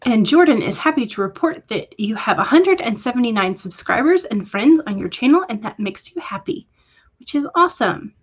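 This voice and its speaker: A woman with a fairly high, sing-song voice and a breathy edge hosts a casual writing livestream at a moderate pace, and the audio is lo-fi. She reads viewer comments from the chat aloud and answers them warmly, with hesitant fillers along the way.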